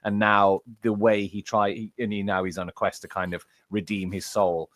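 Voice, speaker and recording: A man's voice: fairly low pitch, level tone, normal speed, a bit bright, no echo. A man from England chatting casually as an audiobook narrator, rambling with lots of fillers and restarts. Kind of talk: casual chat.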